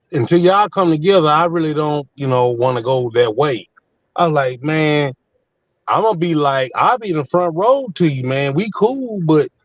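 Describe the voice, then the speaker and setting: Fired-up 50s guy cussing thru a story, kinda high voice, dull lo-fi sound. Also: no room sound. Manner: profane, heated storytelling. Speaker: panel guest. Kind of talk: casual live panel chat. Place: in a truck on the road. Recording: dull lo-fi line.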